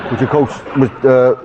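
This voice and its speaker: Older Cockney man, unhurried and profane; muffled broadcast audio with heavy noise. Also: medium pitch. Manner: laid-back, swearing, rambling. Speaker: panel show guest. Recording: dull TV sound, heavy noise.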